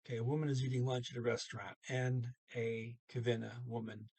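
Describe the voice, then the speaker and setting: A man's voice: mid-range voice, level tone, a little fast, darkish tone, husky. A man teaching a language lesson, thinking aloud with many fillers and restarts, speaking.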